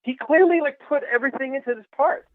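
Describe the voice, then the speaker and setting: A man co-hosting a podcast, chatting with many fillers and halting restarts, often laughing. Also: extremely high pitch, no echo. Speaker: podcast co-host. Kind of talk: casual chat. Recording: tinny phone-like line, dry.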